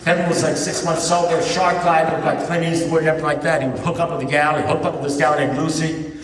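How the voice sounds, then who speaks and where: A man's voice: a little high, flat delivery, fast, far from the mic, slight background noise. Man telling stories in an echoey hall. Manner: conversational, keeps asking "you know what I mean?". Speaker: speaker at a recovery meeting. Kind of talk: storytelling talk to an audience. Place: large meeting hall with an audience. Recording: echoey hall, mic heard from afar.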